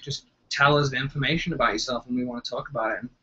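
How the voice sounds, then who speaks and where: A young Liverpool man co-hosts a casual live chat, joking, rambling and trailing off mid-sentence. His mid-range voice is bright and forceful with fairly even intonation, coming rapid-fire through dull lo-fi webcam audio.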